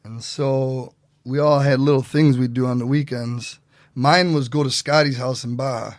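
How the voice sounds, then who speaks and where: A man telling stories as a podcast guest in a casual, animated way, acting out what other people said. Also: medium pitch, normal speed, no echo, clean studio sound. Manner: animated, acts out quotes in voices. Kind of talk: casual storytelling.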